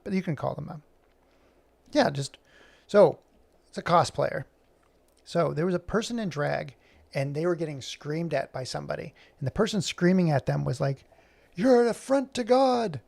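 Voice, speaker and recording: A gravelly-voiced man talks casually while he works, rambling with plenty of fillers. His voice sits a bit above the usual male range. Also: fairly high pitch. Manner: rambling, chatty, many fillers. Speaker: animator and vlogger. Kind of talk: casual chat while working.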